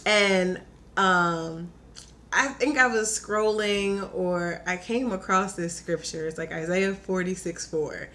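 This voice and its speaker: A young woman telling a personal story in casual chat, animated and full of "like", acting out her own quotes. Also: fairly low pitch, slow. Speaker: podcast guest.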